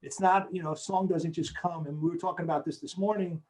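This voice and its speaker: Man, 60s, somewhat high-pitched, casual, rambling, filler-heavy interview answers. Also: fairly even intonation, fast, darkish tone, low-quality recording. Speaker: creator of an animated short.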